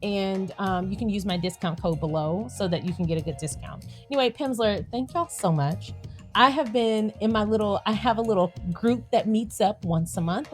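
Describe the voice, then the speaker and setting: A woman with a Southern country accent, hosting a casual vlog in a chatty, animated way, with soft music playing behind her. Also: mid-range voice. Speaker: YouTube channel host.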